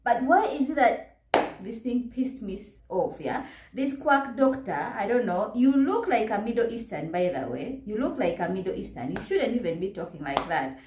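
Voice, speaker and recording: Speaking at a moderate pace in a sing-song, fairly high voice that's a little mellow, this Ugandan English-accented woman vlogs an indignant reaction full of rhetorical questions. There's slight background noise and an echoey room.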